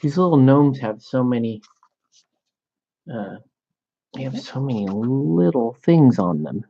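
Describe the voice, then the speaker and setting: Laid-back man painting miniatures, gravelly dark voice, slow jokey chatter, swears casually. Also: medium pitch, muffled recording. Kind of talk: casual chat while painting.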